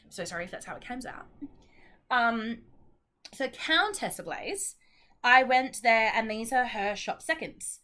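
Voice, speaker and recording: Young australian woman, bright and clear tone, casual rambling vlog chat, apologetic, lots of ums. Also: fairly high pitch, normal speed. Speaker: knitting vlogger.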